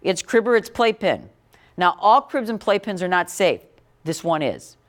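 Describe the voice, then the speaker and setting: A woman's voice: on the low side, very animated, normal speed. A middle-aged woman teaching a classroom about infant care, talking directly and quizzing her students. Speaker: parenting educator. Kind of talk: classroom talk.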